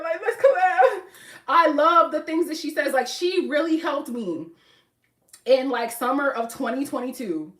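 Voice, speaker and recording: A chatty young woman with a Philadelphia accent, talking straight to her livestream viewers in a fairly high voice. She sits back from the mic in a roomy space, with faint music underneath. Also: far from the mic. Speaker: livestream host. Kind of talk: casual livestream chat.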